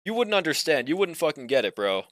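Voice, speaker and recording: A man's voice: on the high side, sing-song, fast talker, a bit bright, no room sound, clean studio sound. A young man streaming a game, chatting casually with viewers, slangy and laid-back, swearing and laughing often. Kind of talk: casual livestream chat while gaming.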